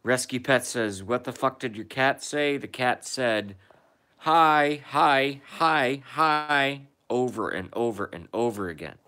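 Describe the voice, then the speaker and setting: Bright-voiced man chatting on a stream. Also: mid-range voice, moderate pace, hardly any pauses. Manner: reads viewer comments aloud and answers them. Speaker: live streamer. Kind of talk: casual live-stream chat. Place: at home.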